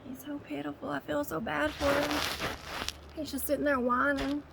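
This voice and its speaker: A woman chatting casually through a makeup routine at home, murmuring soft comfort to her dog between steps. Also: high voice, flat delivery, normal speed, vocal fry, very noisy. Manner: chatty, with quiet soothing asides to a dog. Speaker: makeup vlogger. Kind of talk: casual makeup tutorial chat. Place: indoors at home, sitting on a bed. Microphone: phone.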